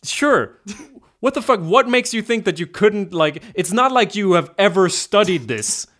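A man's voice: high voice, animated, unhurried, fairly bright tone. A man talking in casual chat, frank and ranting, swearing freely. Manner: frank, swears a lot, rants.

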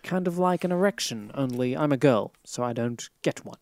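A man's voice: mid-range voice, lively intonation, fairly quick, darkish tone, dry recording. A man giving a comic, mock-earnest reading of a fan fiction, close to the mic. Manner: mock-earnest, breaks into laughter. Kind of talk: comic dramatic reading aloud.

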